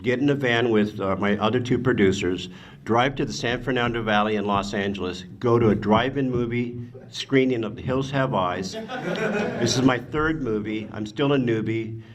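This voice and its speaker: An older man tells anecdotes to a panel audience in a mid-pitched voice. He is animated, jumps into the people he quotes, and swears offhandedly. His delivery is loose and conversational. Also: normal speed. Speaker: actor guest on a convention panel. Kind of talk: anecdotal storytelling.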